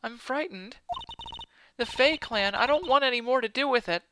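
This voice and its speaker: A man voicing a frightened young woman, a spirit medium, soft and hesitant. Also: very high voice, normal speed, noisy background, voice pushed up. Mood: nervous.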